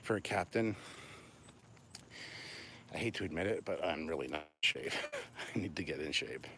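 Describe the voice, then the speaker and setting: A man's voice: low-pitched, lively intonation, moderate pace, fairly bright tone, slight background noise. Breathless man on a night walk. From Canada. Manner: chatty, self-deprecating, answers viewer questions. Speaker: channel host. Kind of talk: casual live-stream chat while walking.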